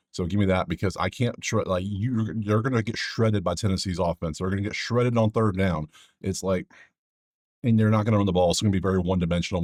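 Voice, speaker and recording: Casual betting host, man, low voice, dry close mic, chatty and digressive. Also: darkish tone, no room sound. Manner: rambling, joking asides to viewers.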